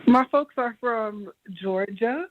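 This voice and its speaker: A woman's voice: a little high, takes it slowly. A woman calling into a show, defending herself insistently and leaning on the filler "like". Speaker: caller. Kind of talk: heated call-in debate. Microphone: phone. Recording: tinny phone line, dry.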